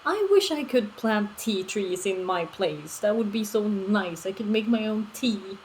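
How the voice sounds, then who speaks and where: A woman's voice: medium pitch, lively intonation, unhurried, darkish tone, a little hiss or hum, poor audio. Giggly woman chatting on a live stream. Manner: giggly, chatty, talks to chat. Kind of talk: casual live-stream chat while playing a game.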